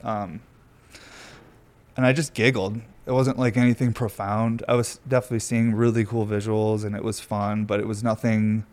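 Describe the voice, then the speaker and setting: A man's voice: on the low side, level tone, moderate pace, a little mellow. A young man telling a rambling, laid-back story in casual chat, swearing freely and filling his talk with "like". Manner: rambling, loose, laid-back, swears a lot, heavy use of "like". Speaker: vlogger. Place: at home near a garage, windy outside.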